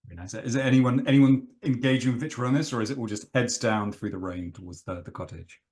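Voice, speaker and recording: A man's voice: medium pitch, quick pace, darkish tone. A man narrating as game master of a tabletop horror game, relishing his descriptions.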